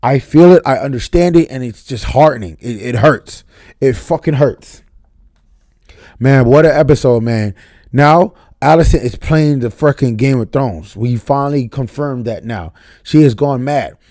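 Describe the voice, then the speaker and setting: A man's voice: medium pitch, moderate pace, dark tone, no echo. A young man, reviewing a TV episode at home late at night in a profane, emphatic casual rant. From New York area. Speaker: TV review vlogger.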